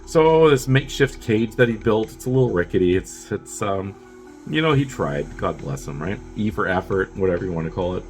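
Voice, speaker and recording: A man's voice: on the low side, expressive, brisk, darkish tone, soft background music. A man who is sick with a cough, casually reviewing a movie in a rambling, chatty way with wry asides.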